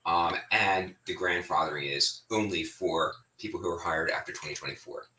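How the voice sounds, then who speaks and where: A man's voice: deep voice, normal speed, reverberant, distant mic, low-quality recording. A middle-aged man giving an informal spoken update as a state representative, blunt and getting heated as he talks. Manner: animated, heated, speaks bluntly.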